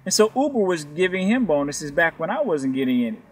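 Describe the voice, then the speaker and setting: A man's voice: fairly high pitch, big pitch swings, fairly quick, husky. A man who works as a rideshare delivery driver, talking loosely and profanely in a rambling rant to his viewers. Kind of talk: casual ranting vlog.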